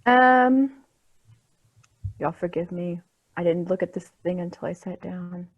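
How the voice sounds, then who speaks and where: Slow, unsure female player, gravelly voice. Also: on the low side, highs cut off. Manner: unsure, apologetic. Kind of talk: casual tabletop game play.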